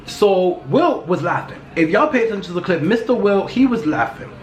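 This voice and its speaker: Woman, podcast host, loud, profane, gossipy, casual chat, echoey room, faint background noise. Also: mid-range voice, sing-song, a little fast.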